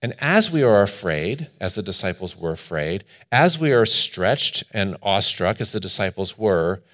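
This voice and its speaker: Pitched fairly low, a man delivers a sermon as pastor and tells an earnest personal story. He builds louder before dropping to a near whisper.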